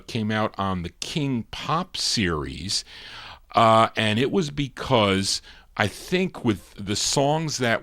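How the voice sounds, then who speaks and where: A man's voice: fairly low pitch, a bit bright, no echo, studio quality. A man hosting a live radio show, chatting casually about old records and rambling with fillers and self-corrections.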